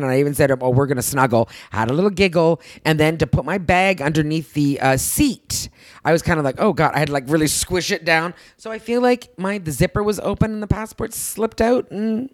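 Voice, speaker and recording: A woman co-hosting a casual chat show, animated, laughing often and swearing freely. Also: deep voice, quick pace, dry recording. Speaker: podcast co-host.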